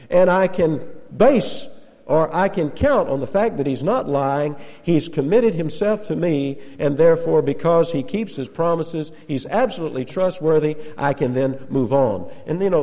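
A man's voice: medium pitch, warm tone, big-room sound, low-quality recording. A man preaching an expository sermon, emphatic, repeating key phrases and chuckling now and then.

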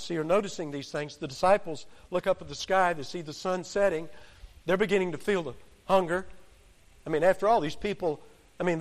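A man preaching an expository sermon in an animated, conversational way, with joking asides. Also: fairly high pitch, in a large hall.

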